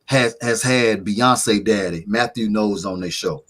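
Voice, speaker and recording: A man guesting on an interview, telling a lively, slangy story. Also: lowish voice, unhurried. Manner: animated, full of slang and repeated "man". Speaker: podcast host, guest.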